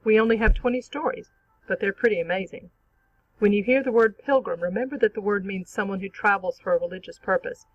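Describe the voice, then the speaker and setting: A teacher reads a scripted literature lesson in a clear, measured, explanatory way. The voice sits at a middle pitch. The recording is dry and slightly dull. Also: no room sound.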